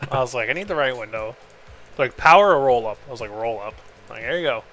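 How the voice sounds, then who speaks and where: A man chatting while he streams a game. His voice is bright and forward, and he rambles through a story packed with swearing and filler words. He jumps in and out of voicing each person in the story as he goes. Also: medium pitch, expressive, quick pace, faint music behind. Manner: rambling, profane, leans heavily on 'like'; acts out both sides of quoted exchanges. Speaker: streamer and host. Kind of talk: casual storytelling while gaming.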